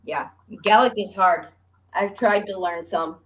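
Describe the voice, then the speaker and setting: A woman's voice: mid-range voice, a little slow, a little hiss or hum, low-quality recording. A woman chatting casually on a livestream, easygoing and giggly, explaining things patiently.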